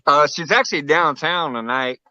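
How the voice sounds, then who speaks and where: A man's voice: a little high, normal speed, sharp tone, no echo, dull audio. A man hosting a casual livestream chat, laid-back and rambling, swearing casually. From Illinois. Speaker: livestream host.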